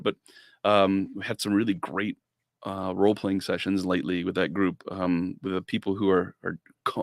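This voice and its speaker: A man's voice: sits low, vocal fry, no room sound, studio quality. A man talking casually as a podcast guest about running his tabletop game, hesitant, with many fillers and restarts.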